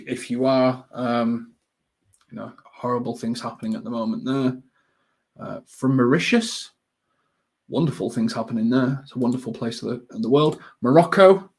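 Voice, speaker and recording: Speaking at a medium pitch, a male host chats with viewers during a live football watchalong. He meanders from thought to thought, says um a lot, and reacts to the action in brief, excited outbursts.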